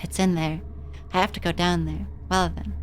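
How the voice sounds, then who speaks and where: Woman streamer, young, lowish voice, casual and foul-mouthed, reads game dialogue aloud. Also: steady tone, normal speed, soft background music. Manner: casual, swearing freely.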